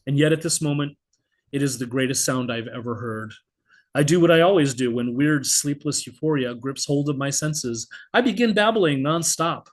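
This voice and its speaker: A middle-aged man reading his own poetry in an expressive spoken-word style, blunt and vivid, now and then swearing, over a video call. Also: mid-range voice, normal speed. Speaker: poet.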